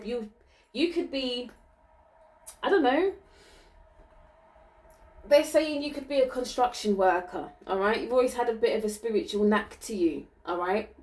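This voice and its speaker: A woman giving a channeled card reading, gentle and reassuring, often ending her sentences with "okay?" and laughing lightly. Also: on the high side, recorded from a distance, slight background noise, rough recording. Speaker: spiritual card reader.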